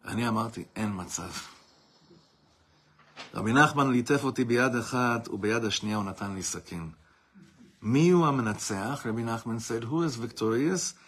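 A man's voice: mid-range voice, fairly bright tone, slightly rough. A man, a rabbi, giving an impassioned lesson, mixing Hebrew phrases into his English and swelling in volume at dramatic peaks. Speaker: rabbi teaching a class.

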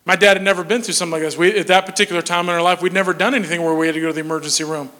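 Man, 40s, storyteller, bright forceful voice, jokey, reverb of a big hall. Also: sits high, racing. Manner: animated, jokey storytelling with sudden drops to a hush. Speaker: speaker telling a personal story. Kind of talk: storytelling talk to an audience.

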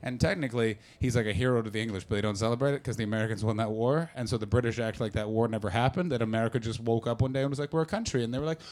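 A man from Canada doing brash, profane stand-up crowd work, often jumping into loud shouted voices. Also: mid-range voice, fairly even intonation, very fast, hardly any pauses. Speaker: stand-up comedian. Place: comedy club with audience.

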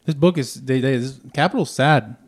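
This comedy podcast co-host talks at a moderate pace in a medium-pitched voice. His delivery is loose and rambling, packed with filler words and laughter.

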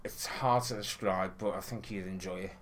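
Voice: low voice, fairly even intonation, normal speed. A podcast co-host, dry and blunt in a casual film-review chat, swearing freely.

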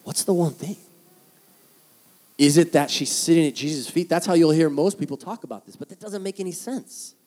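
Animated preaching man, slightly high voice. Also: fairly quick. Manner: animated storytelling, acting out quoted voices. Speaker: pastor. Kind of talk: sermon.

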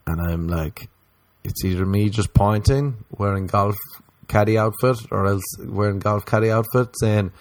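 A low-pitched Irish man with a Cork accent spins rambling comic stories, jumping between tangents with crude humor. His voice sits close and dry, with no room sound. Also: unhurried, no room sound. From Ireland. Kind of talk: comic storytelling chat.

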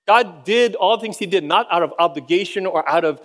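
A man's voice: high-pitched, a little fast, fairly bright tone, big-room sound. A middle-aged man preaching a sermon, telling stories and chuckling between points. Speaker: pastor.

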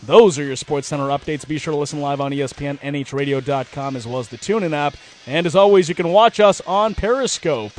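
A man hosting sports radio with a slightly raised pitch. He reads scores briskly and slips into loose, chatty banter. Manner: brisk scripted reads, then laughing banter. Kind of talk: sports news update and casual studio chat.

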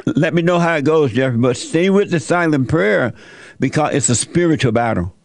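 Brief: male call-in host, gravelly and a bit high, preachy folksy advice, dry close mic. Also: animated, moderate pace, no room sound. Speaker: talk show host giving advice to callers.

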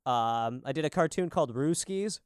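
A man's voice: on the high side, expressive, moderate pace, smooth, dry recording, clean studio sound. A man co-hosting a podcast in casual chat, rambling and swearing often as he tells stories. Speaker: podcast co-host. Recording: lo-fi podcast audio.

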